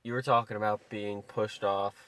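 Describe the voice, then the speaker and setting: A man's voice: fairly low pitch, flat delivery, moderate pace, a bit bright, no room sound. A young man co-hosting a podcast in casual chat, telling stories in a rambling way full of "like". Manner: rambling, filler-heavy storytelling with many "like"s. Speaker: podcast co-host.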